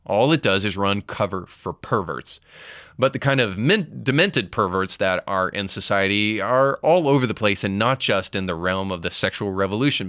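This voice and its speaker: A man's voice: on the low side, a bit bright, clear, resonant tone, no room sound, clean studio sound. A man hosting a podcast, reading a quoted article aloud and giving blunt opinion commentary. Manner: blunt, reads quotes aloud then editorializes. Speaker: podcast host.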